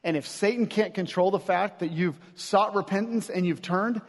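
A man's voice: high voice, moderate pace. A man preaching a sermon as pastor, in a casual, conversational way with slang and acted-out asides. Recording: long hall reverb.

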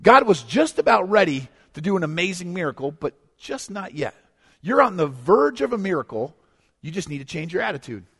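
A man preaching a sermon as pastor, swinging from hushed to loud and emphatic and acting out quotes. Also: high-pitched, very animated, fairly quick, vocal fry, husky. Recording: long echo of a large hall.

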